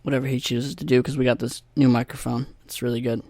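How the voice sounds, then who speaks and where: A man hosts a casual solo podcast and rambles along in a profane, self-mocking way. His voice sits at an ordinary middle pitch. The recording is dry and close on a USB desk microphone. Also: level tone, fast talker, mellow, no room sound. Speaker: podcast host.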